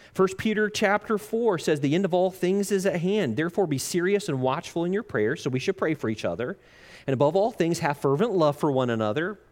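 A man preaching a sermon as a pastor, animated and jokey, laughing often and acting out the lines he quotes. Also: fairly high pitch. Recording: long reverb of a large hall.

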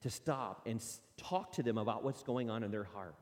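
A man's voice: lowish voice, lively intonation, normal speed, darkish tone. A middle-aged man giving an earnest, conversational teaching talk to parents. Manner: earnest, conversational, acts out parent and child quotes. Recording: long reverb.

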